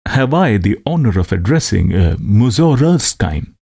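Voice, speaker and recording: A man's voice: fairly low pitch, sing-song, gravelly, a little mellow, breathy edge, exaggerated voice. A man doing a courteous old Frenchman. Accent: slight French. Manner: courteous, measured. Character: old male French gentleman, polite envoy.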